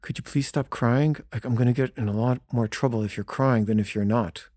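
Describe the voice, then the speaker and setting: Blunt schoolyard bully, gruff and low-key, as a man quotes him in a story, dry close sound. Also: steady tone, brisk, dark tone, no echo, natural voice. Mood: pleading.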